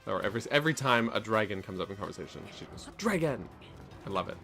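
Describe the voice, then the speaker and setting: A man's voice: fairly low pitch, racing, vocal fry, bright, forceful tone, faint music behind. A man streaming a game, giving goofy, rambling commentary and stories with frequent restarts. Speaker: gaming streamer. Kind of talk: casual gameplay commentary.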